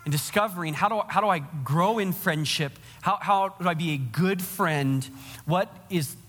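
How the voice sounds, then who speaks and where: A man's voice: high voice, normal speed, a bit bright, long reverb tail, soft background music. A man preaching a sermon to his congregation, earnest and direct, speaking to them as their pastor.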